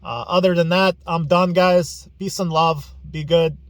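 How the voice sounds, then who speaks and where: A man's voice: a little high, fairly even intonation, a little slow, dry recording. Blunt, profane man. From Ukraine. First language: Ukrainian. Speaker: podcast host. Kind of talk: casual personal vlog.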